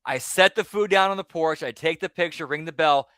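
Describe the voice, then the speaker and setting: A man co-hosting a casual podcast, telling stories in a loose, rambling way. His voice is bright and slightly high, and it often trails off quietly. The recording is dry and close. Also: brisk, smooth, no room sound. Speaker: podcast co-host. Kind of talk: casual storytelling chat.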